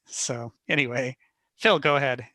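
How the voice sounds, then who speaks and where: Bright-voiced man leading a discussion. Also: mid-range voice, normal speed, slight background noise. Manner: animated, laughs while making a point. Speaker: study group leader. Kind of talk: casual group discussion.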